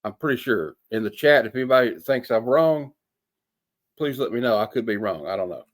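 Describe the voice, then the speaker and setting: A man's voice: mid-range voice, animated, brisk. A man casually reviewing a comic, rambling along with many fillers and folksy sayings.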